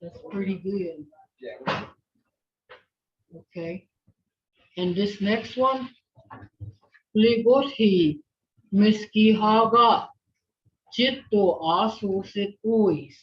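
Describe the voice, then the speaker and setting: Patient female language instructor, very slow delivery, muffled video-call sound. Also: medium pitch. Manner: patient, slow, repeats words for the learner. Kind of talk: online language lesson with call and response. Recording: dull lo-fi video call audio.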